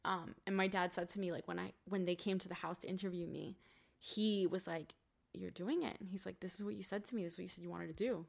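Her voice is fairly low, steady and creaky, and she talks quickly. A woman in her twenties, she's a podcast guest telling a personal story in a chatty interview, with lots of "like" fillers and quoted dialogue from family.

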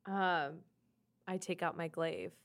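A woman's voice: fairly low pitch, takes it slowly. A woman playing in a tabletop game, talking as her character, frustrated and swearing freely. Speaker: player.

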